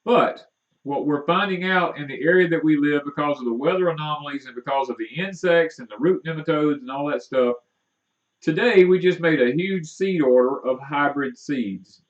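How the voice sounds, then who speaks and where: A man rambles in a folksy way through gardening talk on a homestead live stream, stumbling over fillers as he goes. His voice sits a little high for a man. He is picked up from a distance, and the sound is dull and muffled. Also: moderate pace. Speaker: homestead livestream co-host. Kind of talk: casual live-stream chat.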